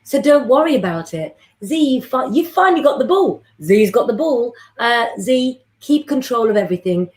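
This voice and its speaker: A woman's voice: on the high side, very animated, normal speed, few pauses. A woman, hosting a live astrology stream and chatting with viewers in a rambling way. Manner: warm, chatty, rambling, gives readings to viewers by name.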